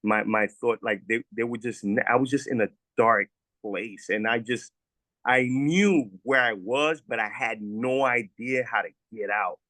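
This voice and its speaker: A man's voice: mid-range voice, measured pace, bright, forceful tone, dry recording. A man telling his own recovery story as a former guest, earnest and heartfelt, often stumbling and repeating words as he searches for them. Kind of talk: emotional testimonial.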